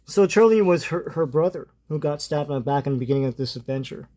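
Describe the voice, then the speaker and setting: A man casually retells a comic book plot in a slightly high voice. He hesitates often, filling gaps with ums and uhs, and chuckles now and then. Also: expressive, fast talker, mellow.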